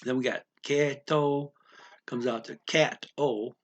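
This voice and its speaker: A man slowly explaining a story word by word as a language teacher, thinking aloud with many pauses. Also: mid-range voice, fairly even intonation, slight background noise. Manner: slow, thinking aloud, frequent fillers.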